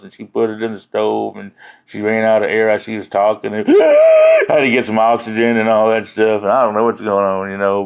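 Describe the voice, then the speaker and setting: A man's voice: on the low side, darkish tone, poor audio. A man hosting a casual livestream, rambling from one joke to the next and chuckling often at his own stories. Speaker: livestream host.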